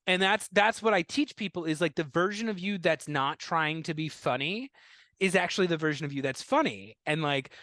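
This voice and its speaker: An animated man tells stories in a fairly high voice, slipping into quoted voices of relatives and laughing at his own tales. The sound is close and dry, with no room around it. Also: normal speed, no room sound. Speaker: comedian and guest. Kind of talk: casual interview chat.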